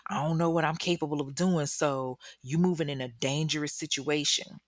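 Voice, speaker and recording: A man's voice: a little high, steady tone, normal speed, no echo, studio quality, natural voice. A woman voicing a jealous, menacing ex-boyfriend who speaks in cryptic threats.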